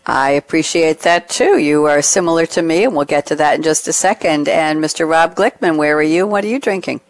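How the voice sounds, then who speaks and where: A woman hosting a radio talk show, lively and playful and quick to laugh. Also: sits low, no echo.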